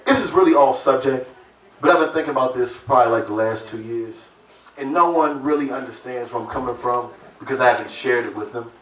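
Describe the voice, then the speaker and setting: A man performing a stand-up comedy set, telling a story loudly and acting out the voices of its characters. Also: medium pitch, fairly quick, slight background noise. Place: comedy club stage. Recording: roomy club sound from a distant mic with crowd laughter.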